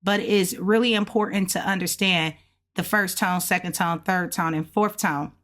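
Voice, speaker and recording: Her voice is on the low side, fairly even in intonation and a bit bright. As a fellow language learner, she casually narrates a practice lesson, patient and slow, drawing out each sound she demonstrates.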